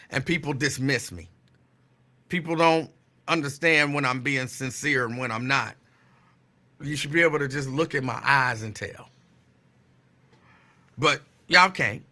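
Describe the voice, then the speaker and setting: A man's voice: mid-range voice, bright, forceful tone. A man hosting a casual talk stream, chatting loosely, reacting to viewer comments and repeating phrases for emphasis. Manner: chatty, digressive, answers chat comments. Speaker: talk show host.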